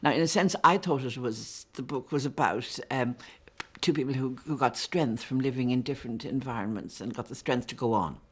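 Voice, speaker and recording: Brief: woman, sixties, novelist being interviewed, warm and chatty, stumbles and repeats words naturally. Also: very deep voice, a little fast, breathy edge. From Ireland.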